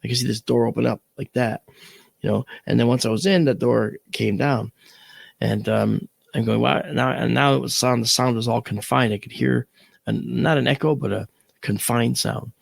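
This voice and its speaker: A man, an astronomer, telling a vivid personal story and acting out the shouts of the people in it. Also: medium pitch, fairly even intonation, normal speed, vocal fry, husky, no echo. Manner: vivid, acts out quoted shouts, swears.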